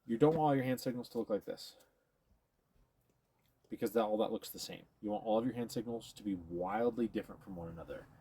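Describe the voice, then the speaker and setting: A man speaks a little fast in a lowish, dark voice, with a little hiss or hum in the audio. He teaches dog training through a live demonstration, describing each step for viewers and breaking off sometimes to coax or praise the dog.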